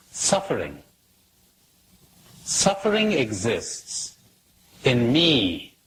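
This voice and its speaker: Man, spiritual speaker, reflective talk, asks the audience questions, tells jokes, animated pitch. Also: slight background noise, low-quality recording.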